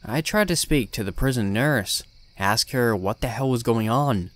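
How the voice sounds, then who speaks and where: A man's voice: medium pitch, moderate pace, a bit bright, no echo. A man reading a first-person horror story in a blunt, swearing, tough-guy voice. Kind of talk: scripted horror narration.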